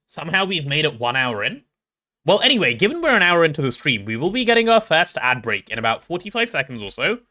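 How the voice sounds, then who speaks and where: A man streams a game from his home setup, rambling through his build and greeting viewers in chat. His voice is bright and a little high, and his pitch swings widely as he talks. He restarts his sentences often and keeps an easy, chatty flow. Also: very animated, fast talker. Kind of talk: casual live-stream chat while playing.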